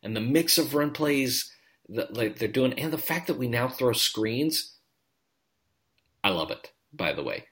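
Lively, bright-voiced man talking sports. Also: medium pitch. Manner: animated, quick restarts. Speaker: podcast co-host. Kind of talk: casual sports chat.

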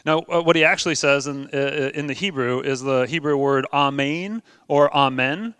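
Earnest man preaching, smooth and dry. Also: medium pitch, flat delivery, fairly quick, fairly bright tone, dry recording. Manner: earnest, with frequent ums and uhs. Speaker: pastor. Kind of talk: sermon.

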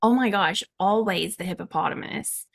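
A woman's voice: mid-range voice, moderate pace, creaky. A woman in her thirties with a Southern country accent, chatting playfully and laughing often as co-host. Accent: American Southern country. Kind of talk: casual chat.

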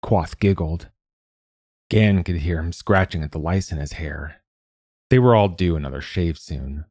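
A man reading a novel aloud in measured, steady scripted narration. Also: low-pitched, no room sound, clean studio sound. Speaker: audiobook narrator.

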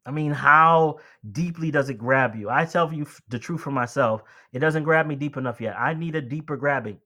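A man's voice: fairly high pitch, normal speed, pushed and bright. A man preaching a sermon, talking to the congregation like friends, building to emphatic lines and easing back down. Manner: addresses listeners as beloved and friends.

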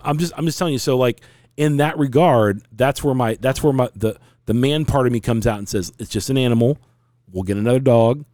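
A man's voice: medium pitch, dark tone, no room sound, clean studio sound. A middle-aged man hosting a casual talk show, telling a story in a frank, rambling way with many restarts. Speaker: podcast host.

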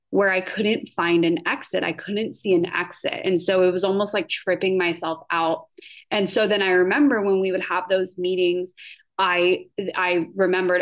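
A woman's voice: fairly low pitch, level tone, normal speed. A woman in her thirties telling a personal story in a casual vlog, chatty and full of fillers. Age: 30s. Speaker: vlogger.

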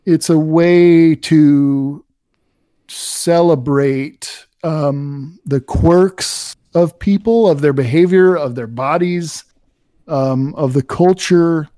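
A man's voice: a little high, drawn-out words, dark tone, no room sound, studio quality. A man being interviewed about his poems, talking thoughtfully and rambling, with many fillers and restarts. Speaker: poet guest. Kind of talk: casual conversation about poetry.

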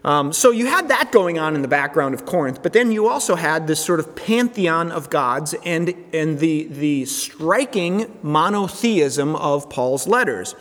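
A man gives a relaxed, chatty sermon as pastor, his voice sitting a little high. He talks casually, often stopping and restarting his phrases. A long reverb trails behind every word. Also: measured pace, hardly any pauses. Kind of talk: conversational sermon.

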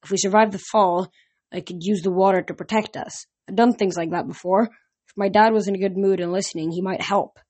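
A woman's voice: medium pitch, fairly even intonation, brisk, a little mellow. Woman reading a novel aloud. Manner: unpolished read-aloud, frequent slips and restarts. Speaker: reader.

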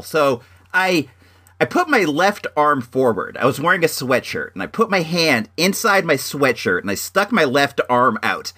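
Animated rambling man telling a story. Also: mid-range voice, moderate pace. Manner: rambling, restarts often, animated. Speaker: vlogger. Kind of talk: casual storytelling monologue.

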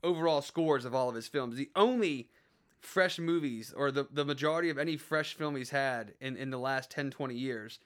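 A man's voice: mid-range voice, normal speed. A man in casual chat as a podcast co-host, rambling with many fillers and restarts.

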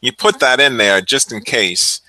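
A man co-hosting a casual chat who jumps in with quick quips and laughs easily. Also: mid-range voice, pushed and bright, no echo, poor audio. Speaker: co-host.

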